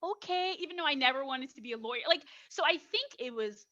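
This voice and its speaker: A woman in her forties from Nigeria, a guest opera singer telling her story in a casual podcast interview, animated and laughing often. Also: high voice, quick pace. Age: 40s. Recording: dull lo-fi recording.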